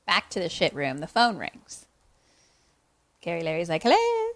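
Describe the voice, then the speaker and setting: A young woman casually recapping a horror movie for a podcast, animated and profane, acting out lines from the film. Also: lowish voice, moderate pace, gravelly, no room sound. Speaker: podcast co-host.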